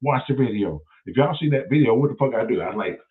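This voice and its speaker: Profane, lively man on a tinny line. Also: medium pitch, fast talker. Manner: profane, animated, loud storyteller. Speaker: show host. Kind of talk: casual livestream storytelling. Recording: tinny phone-like sound.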